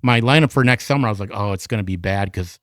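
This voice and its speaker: A man, a concert promoter, chatting as a guest on a bar podcast and telling animated stories that act out his phone calls. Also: on the low side, fast, dry recording, clean studio sound. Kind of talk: casual bar podcast chat. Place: podcast studio.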